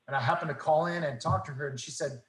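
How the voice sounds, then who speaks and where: A man telling faith stories in casual talk, earnest and animated, acting out the dialogue. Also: fairly high pitch, fast talker, reverberant, poor audio. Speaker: guest.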